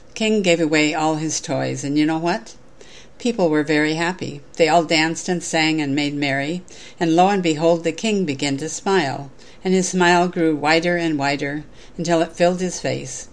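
Low-voiced woman telling a story in a sermon. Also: moderate pace.

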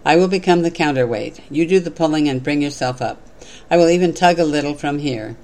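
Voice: mid-range voice, brisk, a little mellow, lightly acted. A storyteller voicing an ordinary man struggling to hold a rope, who speaks with exasperated urgency. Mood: firm. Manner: exasperated, then firm.

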